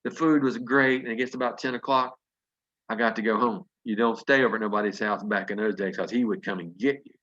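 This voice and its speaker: Folksy Southern man with a low voice. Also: steady tone, a little fast, a bit bright, muffled recording. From North Carolina, USA. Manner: folksy, earnest, emphatic. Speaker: motivational speaker. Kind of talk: motivational storytelling. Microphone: video call.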